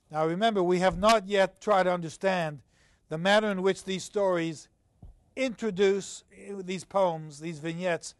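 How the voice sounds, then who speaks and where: An older man giving a university literature lecture. He swings between loud, stressed points and low, quiet asides, and he reads passages aloud in a slow, marked rhythm. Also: no room sound. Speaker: literature professor.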